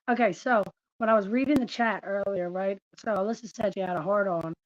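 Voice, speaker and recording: A woman's voice: medium pitch, normal speed, dry recording, muffled recording. A woman co-hosting a casual livestream, joking, laughing and swearing casually.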